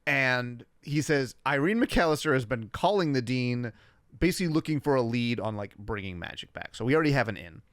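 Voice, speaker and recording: A man with a crisp, resonant voice explains things quickly and easily in a podcast chat. The sound is dry and close, with no room around it. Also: medium pitch, expressive, a bit bright, no echo. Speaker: podcast co-host. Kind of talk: casual chat.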